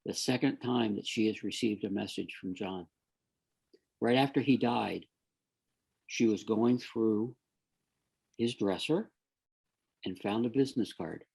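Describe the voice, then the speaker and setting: A middle-aged man with a gravelly, slightly husky, fairly low voice shares his near-death story as a guest, relaxed and conversational. He speaks at a measured pace, pauses often, and keeps it lively by slipping into the voices of people he quotes.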